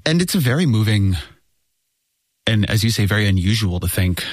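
A male interviewer asking thoughtful, measured questions. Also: fairly low pitch, sing-song, no echo, clean studio sound. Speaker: interviewer, host.

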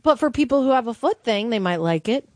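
A woman's voice: a little high, lively intonation, fast, no echo. A woman co-hosting a casual talk show who reads out news items and chats about them. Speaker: co-host reading news items. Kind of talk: casual radio show banter.

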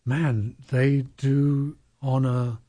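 A man's voice: mid-range voice, level tone, very slow, warm tone, no echo. A man interviewing a guest, asking casual, chatty questions. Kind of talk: conversational interview.

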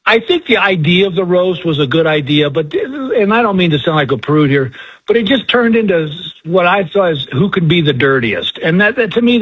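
A man's voice: a little high, husky, lo-fi sound. A man, a guest comedian, telling folksy, self-deprecating stories in a radio interview.

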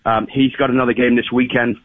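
A man's voice: mid-range voice, little pitch movement, fast talker, no echo. A man giving soccer analysis as a guest on a phone call. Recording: phone-line audio.

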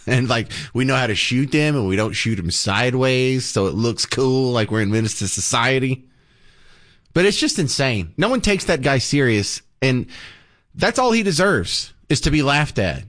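A man's voice: medium pitch, lively intonation, normal speed, a bit bright. A man hosting a talk radio show, delivering a sarcastic, mocking monologue.

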